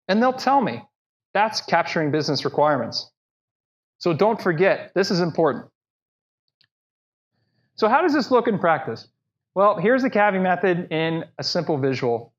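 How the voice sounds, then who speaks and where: A man presents at a live professional talk in a lively, conversational way and speaks straight to his audience. His voice sits fairly high for a man. The recording is dull and lo-fi, as if captured in a presentation room. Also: moderate pace. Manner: conversational, energetic, addresses audience directly. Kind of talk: conference presentation.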